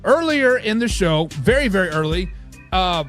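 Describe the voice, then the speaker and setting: A man hosting a live sports talk show, reading fan comments and ranting in a casual, animated way. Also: high-pitched, normal speed, faint music behind.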